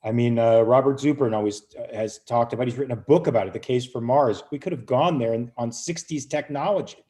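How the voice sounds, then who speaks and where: Mellow-voiced male panelist. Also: mid-range voice, a little fast, few pauses. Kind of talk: casual panel talk.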